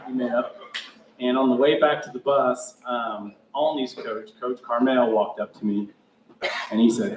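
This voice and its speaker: A man's voice: medium pitch, steady tone, a little slow. Guy rambling thru a funny speech, lots of ums, roomy echoey hall, mic kinda far off, faint background hum. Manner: rambling, self-mocking, with many fillers. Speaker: hall of fame inductee giving a speech. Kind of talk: storytelling acceptance speech. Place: school gym or hall. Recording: echoey hall, heard from a distance.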